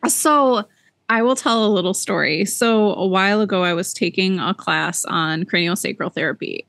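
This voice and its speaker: A woman co-hosting a podcast, telling a personal story in a casual, animated way and repeating words for emphasis. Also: on the low side, dry recording. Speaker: podcast co-host.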